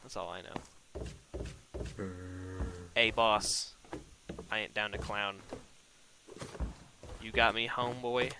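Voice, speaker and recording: A man's voice: fairly low pitch, fairly even intonation, takes it slowly, gravelly, long pauses, noisy background. A young man giving casual, jokey commentary on his own gameplay, talking to himself with sudden exasperated outbursts. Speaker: gaming YouTuber.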